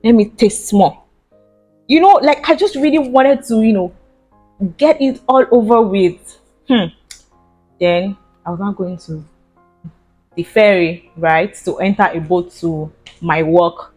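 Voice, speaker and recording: A young woman with a Nigerian English accent, telling a personal story in a casual vlog, animated and laughing often, with Pidgin slang. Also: medium pitch, unhurried, pauses often, faint music behind. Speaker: vlogger.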